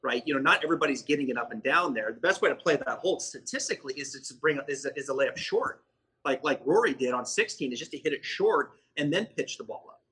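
Male golf podcast host; bright, tense voice with some rasp, relaxed conversational delivery. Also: medium pitch, quick pace, poor audio. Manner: conversational, frequent fillers and self-corrections. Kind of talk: casual podcast chat.

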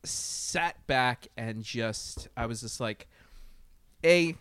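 A man in casual podcast chat, talking in a profane, animated way, with many fillers and restarts. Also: medium pitch, drawn-out words, smooth, no room sound. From Latin America.

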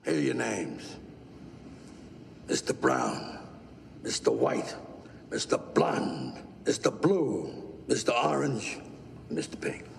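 Role: domineering crime boss, very gravelly, lively swings in pitch, reverb-y clip. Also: male voice, slow pace, pauses often, slight background noise, full character voice. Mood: commanding. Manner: domineering, blunt. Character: older gruff crime boss handing out orders. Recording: film clip with roomy reverb.

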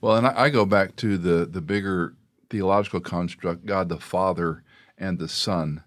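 Middle-aged male pastor-host, very low voice, earnest and folksy in conversation. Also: moderate pace. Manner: earnest storytelling, folksy asides. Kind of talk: conversational interview.

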